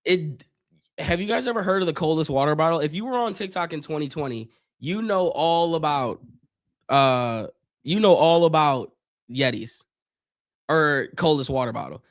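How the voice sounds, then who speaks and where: A man from Northeast Ohio hosting a live stream, giving casual play-by-play, chatting with viewers in loose slang, his voice getting hoarse. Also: fairly high pitch, expressive, moderate pace, no echo, studio quality. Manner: chatty, loose slang, reads chat aloud. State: voice going hoarse.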